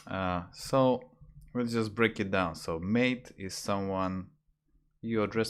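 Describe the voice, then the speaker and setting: A man teaching slang on a livestream, talking hesitantly with fillers and restarts, jumping higher when he imitates phrases. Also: clear, resonant tone. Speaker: language teacher. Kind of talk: casual livestream lesson.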